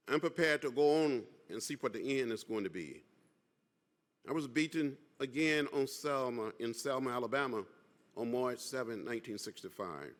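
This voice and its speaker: A man's voice: mid-range voice, fairly bright tone. A man in his seventies gives an impassioned keynote speech, building rhythmic, repetitive lines like a preacher. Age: 70s. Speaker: keynote speaker. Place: large conference hall. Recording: reverberant hall.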